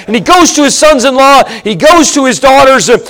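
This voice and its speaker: A man delivers a sermon in a high voice. He hammers points by repeating them, rising to loud emphasis and then dropping low and quiet. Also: expressive, fairly quick. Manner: emphatic, repeats phrases, swings between loud and hushed. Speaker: preacher.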